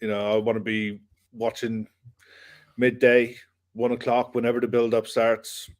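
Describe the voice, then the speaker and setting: A man's voice: mid-range voice, unhurried. Rambling man on a football podcast. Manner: relaxed, rambling, repeats himself. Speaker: podcast co-host. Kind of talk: football reaction podcast chat.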